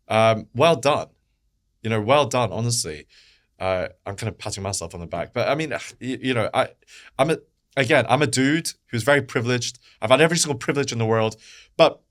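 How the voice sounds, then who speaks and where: A man's voice: mid-range voice, a bit bright. A man with a Scottish accent, a podcast guest talking bluntly and heatedly, swearing and repeating points for emphasis. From Scotland. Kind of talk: impassioned podcast conversation.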